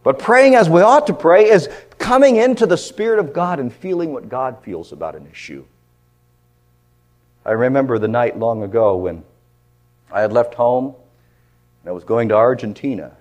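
An older man from Michigan preaches with fervent, impassioned delivery. He rises to loud, pleading cries and then drops to hushed, almost whispered lines. His voice sits at an ordinary middle pitch for a man. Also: expressive, moderate pace, pauses often. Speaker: pastor. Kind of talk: sermon.

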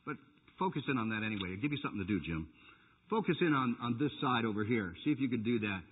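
Husky-voiced man preaching a lively sermon. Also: medium pitch, fast. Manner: animated preaching with playful jabs at the congregation. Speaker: pastor. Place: church sanctuary. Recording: tinny phone-like church recording.

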